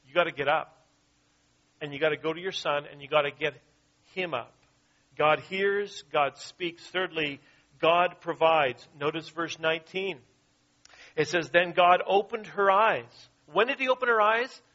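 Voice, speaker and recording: Earnest bright-voiced preacher man, lo-fi. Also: fairly high pitch. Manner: earnest preaching, repeats key phrases. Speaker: pastor. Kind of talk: sermon.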